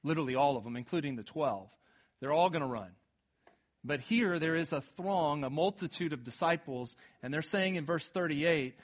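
A male pastor delivers a sermon in a fairly high voice. He tells the scripture in a relaxed, conversational way, pushing up to emphatic peaks and then sinking low and quiet for weight. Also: moderate pace. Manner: retells scripture in a casual, conversational way.

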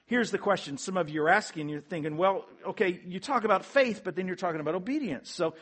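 A man's voice: high voice, fast talker, fairly bright tone. A man as pastor, preaching a sermon in an earnest way with emphatic rising peaks.

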